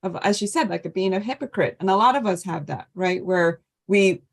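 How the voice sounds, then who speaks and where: A woman with a lowish, gravelly voice leads an online devotional scripture class over a video call. Speaking animatedly at a normal speed, she warmly thanks people and invites them to share.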